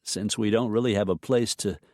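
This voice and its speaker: A man's voice: fairly low pitch, steady tone, moderate pace, a little mellow, dry recording, close to an everyday voice. A man voicing a wry, patient young mother who speaks with a dry drawl in an audiobook.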